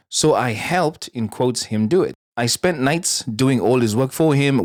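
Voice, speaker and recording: A man with a mid-range voice tells a listener's story in a chatty, animated way, cutting in with loud, laughing reactions. The sound is dry and close, with no room echo. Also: mid-range voice. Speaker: podcast host reading a listener's story. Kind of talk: casual storytelling podcast.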